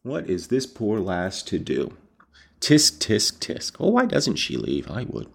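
A man's voice: sits low, huge pitch swings, moderate pace, gravelly, husky. A man reading a novel aloud, breaking off to explain passages and react with casual, sometimes profane comments. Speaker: audiobook reader.

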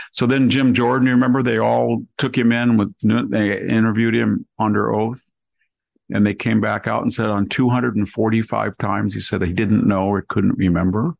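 A man hosting a political podcast who piles up grievances in a sarcastic, rapid-fire way, recorded close on a studio mic. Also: fairly low pitch, little pitch movement, gravelly, no echo, poor audio. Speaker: podcast host. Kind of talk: political commentary conversation.

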